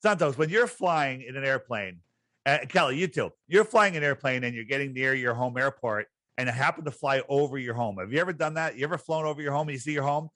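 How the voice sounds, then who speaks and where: A man's voice: mid-range voice, fast, a bit bright, no room sound. A man hosting a podcast chat, talking in an emphatic, incredulous and sarcastic way. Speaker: host.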